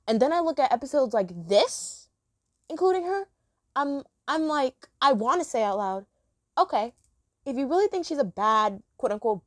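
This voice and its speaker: A woman's voice: a little high, dry recording, clean studio sound. A woman reviewing a cartoon episode in a chatty, rambling monologue, gushing about the characters.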